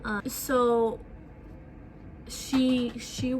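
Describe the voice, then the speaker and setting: Soft-spoken young woman telling a story. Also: a little high, little pitch movement, extremely slow, a little hiss or hum. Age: young adult. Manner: casual, soft-spoken storytelling with many fillers. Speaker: vlogger. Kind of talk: storytime vlog.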